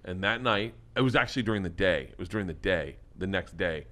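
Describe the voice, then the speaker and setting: A man in his forties co-hosting a casual podcast, telling stories animatedly and acting out the quotes, with bursts of loud laughter. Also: low-pitched, expressive, quick pace. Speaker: podcast co-host. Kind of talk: casual storytelling chat.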